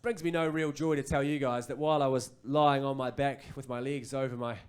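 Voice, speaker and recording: A man in his thirties with a New Zealand accent, performing a stand-up comedy set on a club stage and rambling through an anecdote full of animated asides. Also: mid-range voice, a little fast, smooth.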